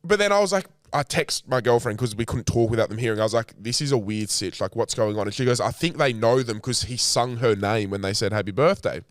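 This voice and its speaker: A young man telling a story on a casual podcast, animated and full of swearing. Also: mid-range voice, brisk, hardly any pauses, dry recording, studio quality. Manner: animated, swears often, acts out what others said. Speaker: podcast co-host.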